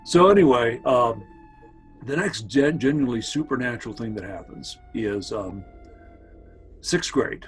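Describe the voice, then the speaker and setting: A man's voice: medium pitch, animated, a little slow, faint music behind, poor audio. Rambling man telling family stories. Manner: meandering, conversational, full of asides to his listener. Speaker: family storyteller. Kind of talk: casual spoken storytelling.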